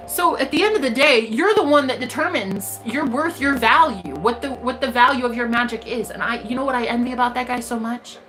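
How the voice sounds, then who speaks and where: Woman vlogger, bright tense voice, fairly high, emphatic and profane, motivational rant, faint music behind. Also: expressive, normal speed. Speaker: spiritual reader.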